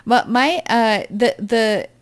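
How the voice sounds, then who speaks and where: A woman's voice: fairly high pitch, slow. A young woman in casual chat as a podcast co-host, often restarting her phrases. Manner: animated, restarts phrases, laughs easily.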